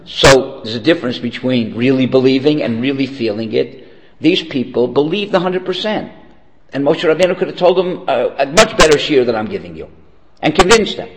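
The audio is poor, with a little hiss or hum, as a man of medium pitch teaches Torah in a large hall. Animated and moderately paced, he speaks conversationally, asks "okay?" rhetorically, and tells a story and jokes.

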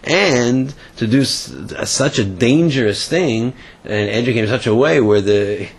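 A man giving a casual Torah lesson, telling a story in a halting way with many fillers and restarts. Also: mid-range voice, breathy edge. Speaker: Torah teacher.

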